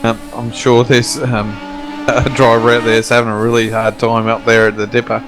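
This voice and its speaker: A man's voice: mid-range voice, level tone, normal speed. A man hosting a charity racing stream, chatting casually and full of fillers. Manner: chatty, filler-heavy, easygoing. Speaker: stream host. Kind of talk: casual livestream commentary. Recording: background music on stream.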